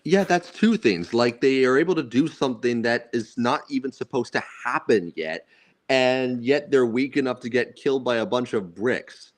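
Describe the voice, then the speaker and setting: A man's voice: mid-range voice, lively intonation, moderate pace. Laid-back blunt man in chat. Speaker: podcast co-host. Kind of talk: casual chat.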